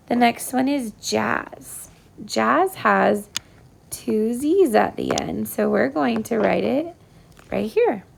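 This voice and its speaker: Slow, creaky-voiced woman teacher. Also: fairly high pitch, slight background noise. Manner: slow, patient, sounding out words. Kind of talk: recorded phonics lesson for young pupils. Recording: iPad whiteboard voice recording.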